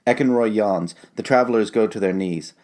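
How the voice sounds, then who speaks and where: A man narrating the stage directions of a fantasy audio drama in a plain, even manner. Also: on the low side, moderate pace.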